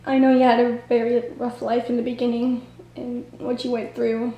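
Tearful young-sounding woman, halting speech. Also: fairly high pitch, completely flat delivery, lo-fi sound. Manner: halting, hesitant, soft-spoken. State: fighting back tears. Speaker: vlogger. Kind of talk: tearful video tribute. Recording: echoey room.

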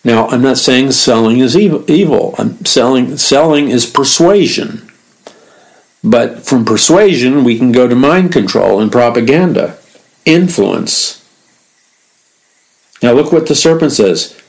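A man hosting a radio Bible teaching, earnest and emphatic, repeating words as he explains and reading verses quickly between slower commentary. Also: medium pitch, animated, vocal fry, rough recording. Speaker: radio minister and host.

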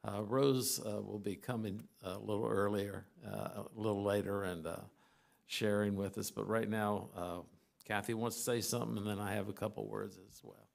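A pastor introducing the next speakers at a church service, talking haltingly with many filler sounds. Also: male voice, fairly low pitch, steady tone, gravelly. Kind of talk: service announcements.

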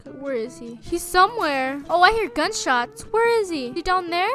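A woman gamer and channel host giving excitable roleplay commentary, often panicking and repeating herself. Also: very high voice, normal speed, few pauses, over loud music. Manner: panicky, exclaiming, repeats phrases.

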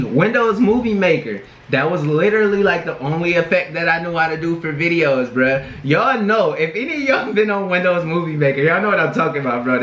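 Bright-voiced young man in an echoey room. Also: on the high side, slight background noise. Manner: slangy and laid-back, sprinkling in "bro" and "bruh". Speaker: reaction video host. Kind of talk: casual reaction commentary. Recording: roomy echo with faint music. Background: faint music from the video being reacted to.

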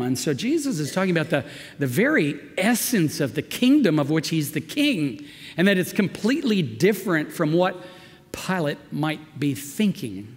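Conversational pastor with higher voice. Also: male voice, moderate pace. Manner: conversational, emphatic, animated verse reading. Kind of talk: expository sermon. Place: church sanctuary. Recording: long church reverb.

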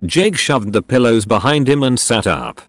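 A man's synthetic text-to-speech voice narrating a story, with even, unhurried reading. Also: medium pitch, no echo. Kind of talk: audiobook-style story reading.

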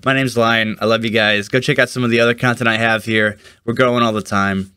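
A man's voice: medium pitch, fairly even intonation, brisk, sharp tone, clear, resonant tone, no room sound, clean studio sound. A young man gushing and exclaiming as a gaming YouTuber reacting to a trailer.

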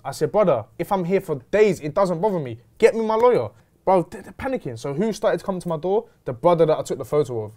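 A young man tells a story in a fast rush, his pitch sitting a little high and swinging widely. He is slangy and animated, acting out the other people in his story. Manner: animated, slangy, retelling with quoted dialogue. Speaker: host. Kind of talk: casual storytelling chat.

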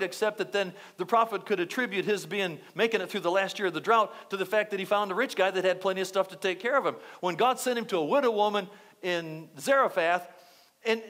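Male pastor, high voice, lively repetitive church sermon. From United States. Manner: animated, repetitive preaching with asides to the congregation.

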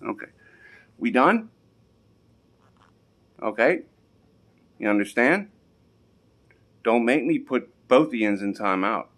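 A man, scolding his pets in a home basement for a casual vlog in a mock-stern way that keeps softening into affection. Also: mid-range voice, lively intonation, slow pace, long pauses. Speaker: pet owner.

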